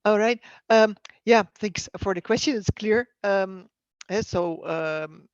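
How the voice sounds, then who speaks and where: A female panelist giving a halting, unscripted answer, often searching for words. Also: medium pitch, dry recording. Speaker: workshop panelist. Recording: dry, dull lo-fi call audio.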